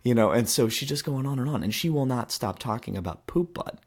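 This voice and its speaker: Speaking into a handheld mic, this podcast host, a man in his thirties, tells a meandering story packed with fillers and restarts. His mid-range voice is animated, husky and a bit dark, and his pace runs fairly quick.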